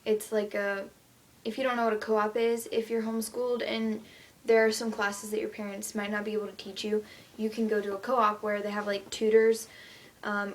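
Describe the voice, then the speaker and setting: A teenage girl ranting to the camera in a casual vlog, chatty and indignant, full of "like" and "um". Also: medium pitch. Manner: chatty, lots of "like" and "um"; indignant storytelling. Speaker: vlogger.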